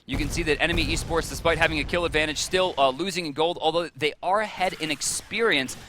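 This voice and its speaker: A man casting a live esports match, giving quick play-by-play and analysis that gets excited on big plays. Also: on the high side, a little hiss or hum. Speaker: esports caster.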